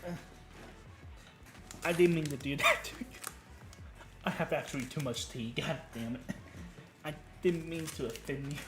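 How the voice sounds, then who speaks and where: A woman in her twenties streaming casually, playful and teasing, moving between soft whispers and loud bursts. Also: sits low, normal speed, long pauses, over music. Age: 20s. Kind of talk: casual live-stream chat with teasing role-play lines.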